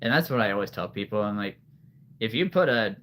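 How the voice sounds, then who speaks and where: A man's voice: fairly low pitch, expressive, a little fast, fairly bright tone. A man from Nebraska, a livestream host chatting casually with viewers, laughing often. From Nebraska, USA. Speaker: livestream host showing a creature collection.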